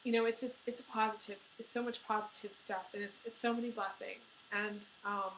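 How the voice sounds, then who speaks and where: Bright-voiced emotional woman tarot reader. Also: medium pitch, fairly even intonation, fairly quick, echoey room, slight background noise, poor audio. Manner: emotional, teary, many fillers. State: crying. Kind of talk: tarot reading video.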